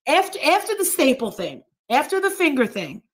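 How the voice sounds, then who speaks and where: A woman's voice: sits high, big pitch swings, moderate pace. A woman hosting a livestream, ranting heatedly and combatively, swearing constantly and repeating herself for emphasis. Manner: talks over others, repeats herself for emphasis. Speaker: livestream host.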